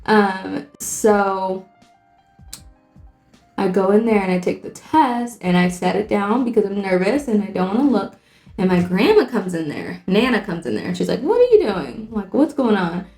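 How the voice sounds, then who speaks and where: A woman's voice: mid-range voice, lively intonation, normal speed, a little mellow. Young female makeup vlogger, mid-range voice, chatty and meandering, echoey room. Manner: chatty and rambling, lots of "like". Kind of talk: casual storytelling while doing makeup. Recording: echoey room, faint music.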